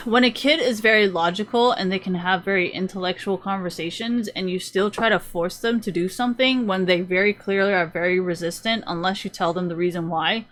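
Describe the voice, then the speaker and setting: A young adult woman livestreaming a casual rant, blunt and profane, full of fillers, acting out the people she quotes. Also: medium pitch. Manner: animated, acts out quoted kids and parents. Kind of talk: casual ranting chat.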